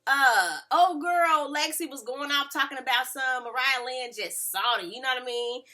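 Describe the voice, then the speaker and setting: Animated high bright woman recapping TV. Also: normal speed. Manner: animated, mimics people in quotes. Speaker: reality TV reviewer. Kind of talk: casual recap vlog.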